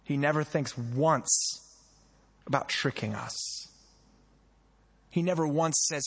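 A man's voice: medium pitch, a little slow, vocal fry, long pauses, husky, big-room sound. A young man preaching a sermon as a pastor, talking in a conversational way and putting questions to the congregation. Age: young adult.

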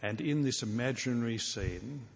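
A man preaching a sermon, earnest and deliberate, slowing down for emphasis and acting out imagined scenes. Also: medium pitch, vocal fry. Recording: long hall reverb.

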